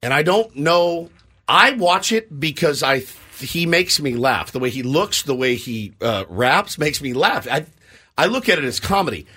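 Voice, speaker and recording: A man's voice: a little high, slightly rough. A middle-aged man hosting a morning radio show, rambling and laughing in casual banter. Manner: animated, rambling, quick to laugh.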